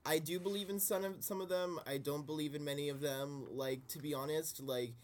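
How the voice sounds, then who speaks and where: Young cheeky radio co-host. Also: male voice, a little high, fairly even intonation, a little fast, a little mellow. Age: young adult. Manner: easygoing, cheeky. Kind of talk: casual radio banter. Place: radio studio.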